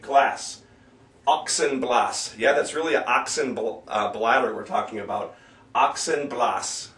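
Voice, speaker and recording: A man teaching a sing-along at an even middle pitch, drawing out each foreign word slowly and clearly. He catches and corrects his own slips as he goes. His voice comes from some distance off the mic and rings around a roomy space. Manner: slow, careful enunciation of foreign words, stops to correct himself. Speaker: sing-along leader teaching a German bar song. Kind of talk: casual spoken lesson with sung examples.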